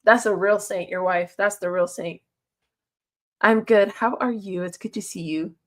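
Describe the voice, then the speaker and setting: A woman's voice: medium pitch, fairly even intonation, measured pace. A woman chatting casually on a livestream, answering her chat and laughing often.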